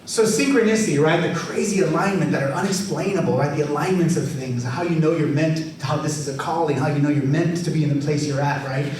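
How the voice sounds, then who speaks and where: A man's voice: fairly high pitch, fairly quick, few pauses. Author guy telling a story to a crowd, super chatty, sounds far off in a big echoey room with a bit of hiss. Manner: animated, chatty, leads the crowd in call-and-response. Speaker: author giving a reading. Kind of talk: lively storytelling to a live audience. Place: event hall with an audience. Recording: very echoey hall, far from mic, faint hiss.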